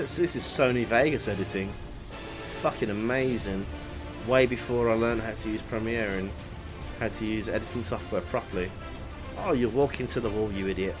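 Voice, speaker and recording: A man in his late twenties giving casual, rambling commentary over old video clips, swearing freely and chuckling to himself. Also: mid-range voice. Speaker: vlogger.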